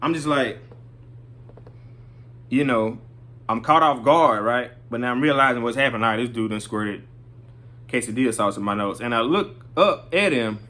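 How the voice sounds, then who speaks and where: A man's voice: medium pitch, moderate pace, pauses often, bright, forceful tone. A middle-aged man casually telling a story, rambling and often stopping to ask "right?" and "you know".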